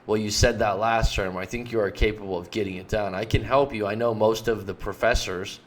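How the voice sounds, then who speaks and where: A man's voice: lowish voice, fairly even intonation, brisk, slight background noise, lightly acted. A man playing a pushy boyfriend who keeps offering help, eager and insistent. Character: pushy, helpful-acting boyfriend.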